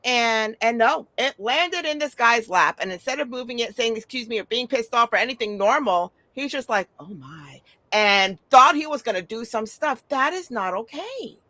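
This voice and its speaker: A woman's voice: on the high side, animated, moderate pace, few pauses, bright, forceful tone, no room sound. A middle-aged woman talking in a casual chat, telling stories bluntly and animatedly, with frequent swearing.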